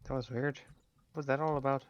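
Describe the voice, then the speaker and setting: A man's voice: medium pitch, steady tone, quick pace, dry recording. A man playing a tabletop game, casual and joking. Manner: playful, joking. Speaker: player. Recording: dull dry close sound.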